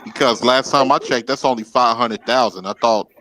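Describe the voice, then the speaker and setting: Calm, questioning man on a live stream. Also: medium pitch, moderate pace, no room sound, low-quality recording.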